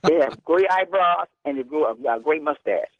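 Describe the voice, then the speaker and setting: A man's voice: fairly high pitch, animated, normal speed, dry recording. A male radio caller rambling through an odd anecdote and chuckling along. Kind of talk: phone-in anecdote. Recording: tinny phone line.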